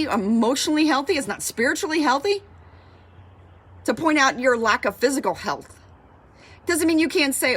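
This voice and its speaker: A woman's voice: a little high, a bit bright, slightly rough. A woman fitness coach giving a passionate motivational talk, fired up and repeating her points for emphasis.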